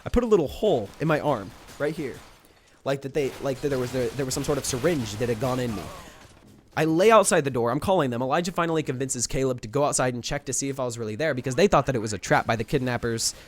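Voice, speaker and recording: A young man in a storytime vlog, retelling a prank in a rambling, animated way with many restarts. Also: mid-range voice, fast, a little hiss or hum. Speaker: vlogger.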